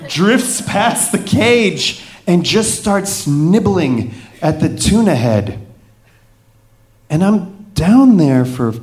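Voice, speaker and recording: Slow, dramatic male storyteller. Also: a little high. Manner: vivid, dramatic pauses and hushed moments. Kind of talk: told personal story.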